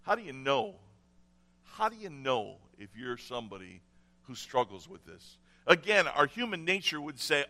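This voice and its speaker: A man's voice: fairly high pitch, sing-song, moderate pace, bright, forceful tone. A man preaching a sermon in an earnest way, repeating key phrases for emphasis. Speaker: pastor.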